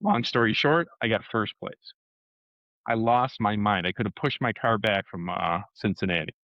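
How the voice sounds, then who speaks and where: A man telling a story in a lively way, with sound effects and acted-out dialogue. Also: fairly low pitch, normal speed, no echo, highs cut off. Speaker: co-host and martial arts competitor. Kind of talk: animated casual storytelling.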